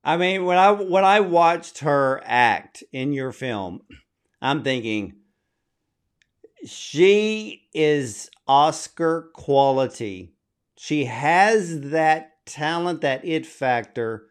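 Male host, slow-paced, effusive, admiring interviewer. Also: fairly high pitch. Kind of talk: interview questions.

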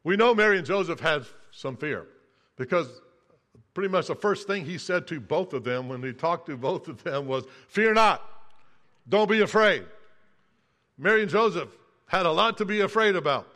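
Male pastor, high and bright, preaching earnestly with some restarts. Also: lively intonation, fairly quick. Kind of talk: sermon.

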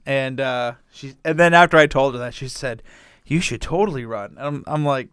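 A man co-hosting a podcast, telling stories in a casual, profane and animated way. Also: medium pitch, normal speed, clear, resonant tone, no room sound, studio quality. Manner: profane, animated storytelling with frequent laughs. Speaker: podcast co-host.

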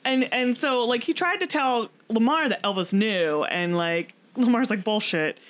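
A woman's voice: a little high, normal speed. A woman hosting a podcast, telling a story in casual chat with lots of fillers and frequent laughter. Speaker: podcast host.

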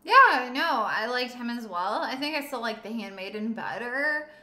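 A woman's voice: fairly high pitch, big pitch swings, moderate pace, pushed and bright. A woman co-hosting a casual film review chat, blunt and swearing casually. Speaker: podcast co-host. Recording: echoey room.

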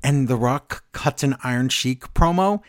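A man's voice: mid-range voice, a little slow, dry recording, clean studio sound. A man co-hosting a casual wrestling podcast, eagerly retelling scenes and acting out quotes. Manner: excitable storyteller, recaps scenes and acts out quotes. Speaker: podcast co-host.

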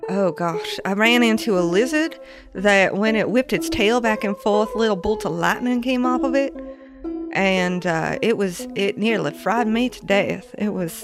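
Woman, tabletop player in character, creaky edge, soft music underneath. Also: medium pitch, unhurried. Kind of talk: in-character role-play.

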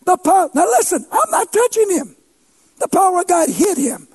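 A preacher telling a story in a sermon, animated and funny, breaking into shouts for emphasis and poking fun at himself. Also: male voice, extremely high pitch, normal speed. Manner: animated, shouts for emphasis, playful self-mocking humor.

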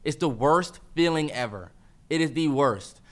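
A young man co-hosting a podcast, talking in casual heated banter, animated and swearing, and mocking impressions of his brother. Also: fairly high pitch, unhurried. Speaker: podcast co-host.

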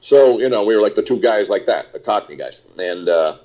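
Chatting loosely in an interview, the older actor tells rambling, animated stories peppered with "uh." His voice is lowish and fairly quick, captured in a muffled recording.

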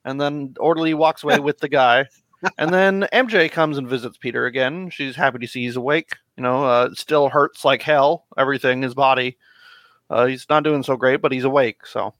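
A man's voice: mid-range voice, steady tone, a little fast, a bit bright, no room sound. A man on a casual podcast recapping a comic at length, rambling with fillers and briefly voicing the characters' lines. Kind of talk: casual chat.

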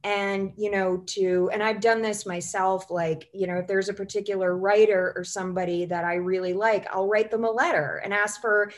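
A woman's voice: mid-range voice, steady tone, normal speed, few pauses. A woman, a writer and goals coach, talking as a podcast guest and telling long, chatty stories full of "you know" and "like". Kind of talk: casual interview chat.

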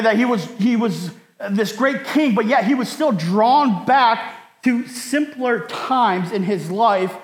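Slow, high-voiced pastor in an echoey hall. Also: male voice. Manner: earnest, repeats words, frequent "right?". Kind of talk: sermon. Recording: echoey hall, long reverb.

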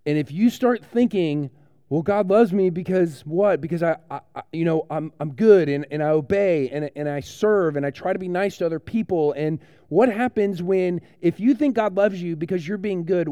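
A man's voice: fairly high pitch, expressive, moderate pace, warm tone, clear, resonant tone, no echo. A man, a pastor giving a playful, joking children's sermon in a conversational way.

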